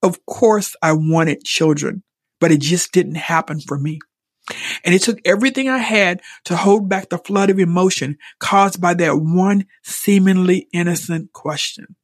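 A woman's voice: lowish voice, measured pace, dry recording, studio quality. Earnest woman sharing a personal story. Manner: earnest, emotionally open, repeats words when moved. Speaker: podcast host. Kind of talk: personal reflective monologue.

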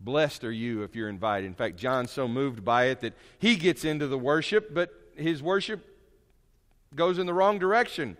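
A male pastor giving a sermon in a folksy, joking way, then reading scripture loudly and with emphasis. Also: medium pitch, moderate pace. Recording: long hall reverb.

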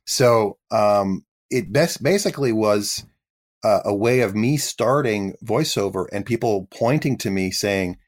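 A man in his fifties with a fairly low voice tells stories from his acting career as an interview guest. He is chatty and self-deprecating, often slipping into quick voices as he quotes people. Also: expressive. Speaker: guest actor. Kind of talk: casual interview storytelling.

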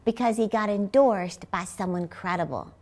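A middle-aged woman preaching a sermon in an emphatic manner, often rising to high exclamations. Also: normal speed, darkish tone.

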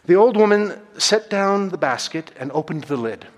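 A man preaching a sermon in a measured, reflective way, then reading a story aloud. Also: high voice, lively intonation. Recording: reverberant hall.

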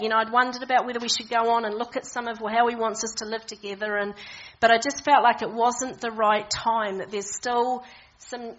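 A woman delivers an informal sermon in an easy, talky manner. Her voice sits slightly high, and she often trips over and repeats her words. The recording sounds muffled and lo-fi. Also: fairly bright tone. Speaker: preacher.

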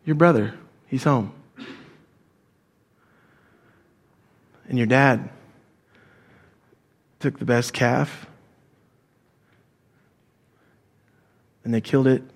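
Guy putting on a hushed farmhand voice, murmured and low, half whispering the gossip, sounds like he's in on the secret and wants the boss not to hear. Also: a little slow. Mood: confiding.

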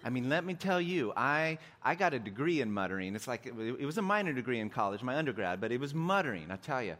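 A man's voice: medium pitch, big pitch swings, quick pace, a bit bright. A middle-aged man preaching a sermon in a church, joking and conversational, poking fun at himself. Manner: joking, conversational, self-deprecating. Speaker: pastor.

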